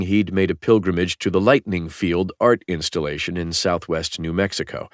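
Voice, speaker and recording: A man reading a thriller audiobook in a calm, even manner. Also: low voice, dry recording, studio quality. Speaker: audiobook narrator. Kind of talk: scripted narration.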